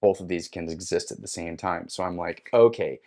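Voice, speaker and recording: A man with a fairly low voice tells a personal story as a podcast guest. He talks casually and with energy, acting out what he said along the way. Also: brisk, creaky. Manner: animated, acts out his own quotes.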